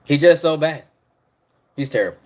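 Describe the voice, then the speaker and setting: A man's voice: on the high side, animated, moderate pace. A man hosting a live podcast stream, ranting about his team's coach in a rambling, exasperated way, repeating himself and trailing off. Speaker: podcast host.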